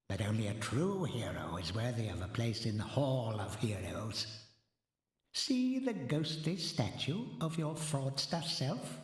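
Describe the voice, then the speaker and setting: Slow, solemn gatekeeper of heroes. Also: mid-range voice. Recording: echoey game audio.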